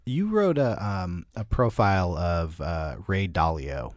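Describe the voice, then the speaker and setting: A man hosting an interview, asking questions in a relaxed, conversational way. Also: sits low, measured pace, dry recording, studio quality. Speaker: podcast host interviewer.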